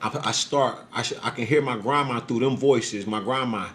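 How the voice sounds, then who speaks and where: A man telling a rambling, profanity-heavy personal story on a livestream, animated and emphatic, often acting out the voices he quotes. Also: normal speed, a little hiss or hum. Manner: acts out voices in quotes, pitch jumping up. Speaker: social media livestreamer.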